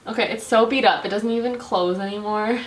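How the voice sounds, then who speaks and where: A woman's voice: medium pitch, a little fast, a little hiss or hum. A young woman chattily reviewing her favorite makeup on her vlog, with lots of "like" fillers. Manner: chatty and bubbly, heavy use of "like". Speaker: beauty vlogger.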